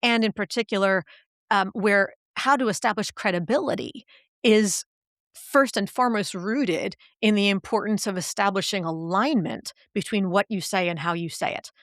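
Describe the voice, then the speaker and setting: A woman's voice: medium pitch, normal speed, a bit bright, no room sound, clean studio sound. A middle-aged woman, a linguist and executive coach, explaining ideas in a podcast interview and acting out quoted voices to make her points.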